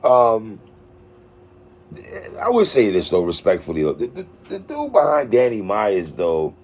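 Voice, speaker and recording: A man hosting a casual battle rap recap, slangy and animated, getting excited over lines he likes. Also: lowish voice, a little slow. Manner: animated, slangy, excited outbursts about bars.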